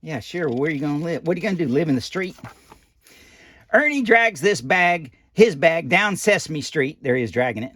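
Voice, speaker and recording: A man's voice: a little high, lively intonation, a little fast, a bit bright, no echo. A man voicing a folksy old animatronic doll who reads a children's picture book aloud with rambling asides and loose grammar. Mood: chatty.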